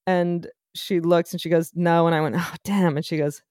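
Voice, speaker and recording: A woman co-host tells lively, funny anecdotes in a casual chat. Her voice sits on the lower side, and the sound is close and dry with little room echo. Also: moderate pace, hardly any pauses. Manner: animated anecdote-teller, quoting a child. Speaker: podcast co-host.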